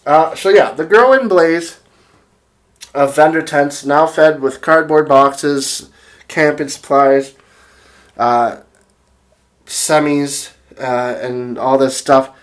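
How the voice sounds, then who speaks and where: Young male host, fairly high voice, rambling, excitable, casual retelling with lots of fillers. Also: slow, pauses often. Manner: rambling with many restarts and fillers, laughs often; excitable, reads out quotes from notes. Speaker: music channel host. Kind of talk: casual video commentary retelling events.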